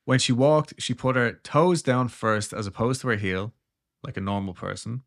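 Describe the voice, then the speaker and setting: Here a male podcast co-host, medium-pitched and speaking at normal speed, tells a story casually. He's joking and relaxed throughout, with his lines trailing into laughter.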